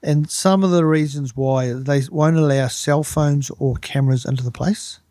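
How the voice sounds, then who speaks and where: A middle-aged man with a New Zealand accent, telling lively stories in a casual chat and acting out the people in them. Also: on the high side, moderate pace, no echo, clean studio sound. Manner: animated anecdotes, acts out other people's voices. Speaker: guest, turf manager.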